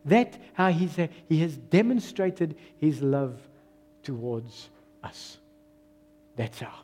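A South African man preaching a sermon as pastor, slipping into Afrikaans phrases, swinging between loud rises and quiet, low drops. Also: sing-song, slow pace, slight background noise.

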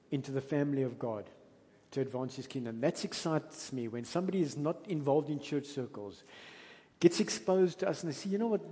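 South african pastor man preaching, chatty storytelling, dark mellow tone, big hall reverb. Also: a little high. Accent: South African English. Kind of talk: sermon. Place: church hall. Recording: long reverb of a church hall.

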